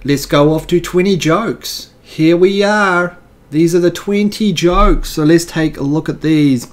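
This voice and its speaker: Man, host reading jokes, rambling and wry, voice a bit high, casual delivery. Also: measured pace. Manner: rambling and wry, with fillers and self-corrections. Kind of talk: casual joke-reading commentary.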